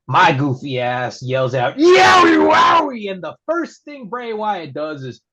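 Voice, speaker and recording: A man from Texas, a wrestling referee and podcast guest, telling stories in a casual interview and acting out quotes in a high voice. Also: measured pace, raised voice. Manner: excitable storyteller who acts out quotes in a high voice. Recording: slightly muffled lo-fi audio.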